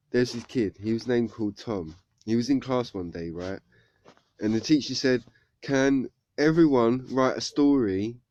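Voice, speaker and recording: A man's voice: fairly low pitch, warm tone. A young man telling a story casually, rambling with lots of fillers. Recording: dull lo-fi recording.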